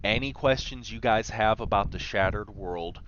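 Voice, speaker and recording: A man's voice: on the low side, moderate pace, a bit bright, dull audio, slight background noise. A man chatting on a livestream about running tabletop games, telling stories with wry asides. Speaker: game master streaming a talk on game design. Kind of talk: casual livestream talk.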